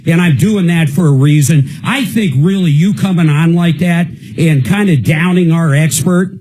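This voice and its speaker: A man's voice: on the high side, normal speed, a little mellow, poor audio. A male radio host on a live consumer call-in show, talking in a fired-up, indignant rant. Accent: American.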